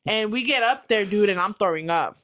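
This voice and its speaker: A woman's voice: medium pitch, lively intonation, brisk, fairly bright tone. Young woman guest, casual storyteller, salty, acts out quotes. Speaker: guest, new mother. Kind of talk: casual chat.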